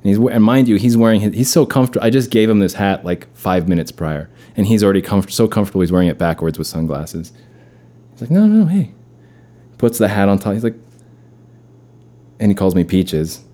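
A man's voice: fairly low pitch, brisk, mellow. A man hosting a podcast, casually rambling through a funny story with chuckles. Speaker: podcast host.

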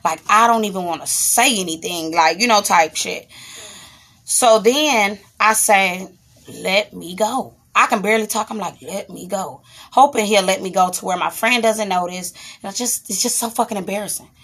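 With a medium pitch, moderate pace, and fairly bright tone, a woman vlogger recounts a personal story in a casual monologue. She's candid and profane, rambles, and breaks off at times to scold her child.

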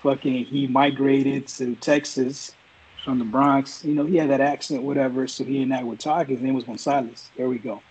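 A man's voice: mid-range voice, flat delivery, moderate pace, darkish tone, slightly rough. A former Marine man telling a story in a casual, rambling, profane way. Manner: profane, rambling, laid-back. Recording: dull lo-fi audio.

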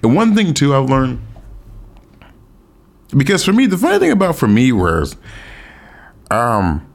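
A man's voice: mid-range voice, wildly swooping pitch, unhurried, vocal fry. An American man hosting a podcast, talking casually and bluntly on his own and swearing freely. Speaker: podcast host. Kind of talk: casual solo podcast talk.

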